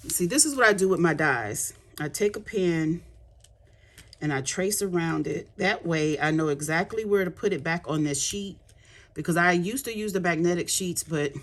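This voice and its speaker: A woman demonstrating craft supplies in a casual unboxing chat, chatty and gushing with delight. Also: deep voice. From United States.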